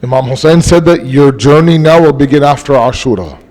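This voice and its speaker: A man giving an impassioned mourning sermon as a majlis speaker, slowing his words for emphasis. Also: mid-range voice, a little mellow. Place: large mosque hall. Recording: long mosque hall reverb.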